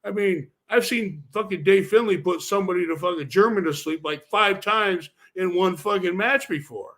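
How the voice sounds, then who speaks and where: A man's voice: high-pitched, moderate pace, fairly bright tone. A man being interviewed about his wrestling career, telling stories in a loose, rambling way and swearing constantly. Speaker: interview guest, former wrestler. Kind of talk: casual storytelling interview.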